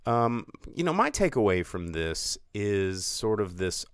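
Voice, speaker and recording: A man co-hosting a podcast, talking about films in a casual, animated and sarcastic way, often mocking others in put-on voices. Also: lowish voice, measured pace, clear, resonant tone, no echo, clean studio sound. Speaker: podcast co-host. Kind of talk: casual film chat. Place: studio.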